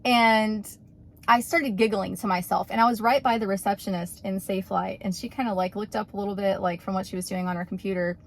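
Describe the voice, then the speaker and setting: A woman's voice: mid-range voice, steady tone, fairly quick. Chatty woman telling a funny story. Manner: chatty, rambling, full of "like" fillers. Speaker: YouTuber. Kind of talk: casual storytelling vlog.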